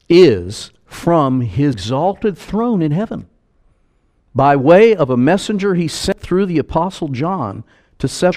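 An older man delivers a sermon from the pulpit. His voice sits a little high and swings widely in pitch, and he slips into acted voices for the people he quotes. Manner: animated preaching, acts out quoted voices. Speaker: pastor.

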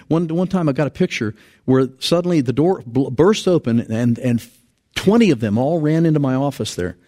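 A man preaching a sermon as pastor, animated and acting out quoted voices. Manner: animated, acts out quoted voices with big pitch jumps. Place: church sanctuary.

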